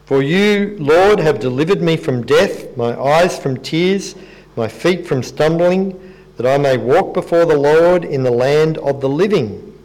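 A man's voice: on the high side, expressive, measured pace, darkish tone, rough recording. A man preaching a sermon in a conversational, self-deprecating way, stopping to read scripture aloud to the congregation.

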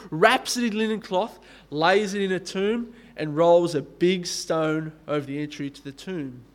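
A man with a high, light voice preaches a sermon in a conversational way. He reads scripture aloud, then slows and softens for the solemn moments before picking back up.

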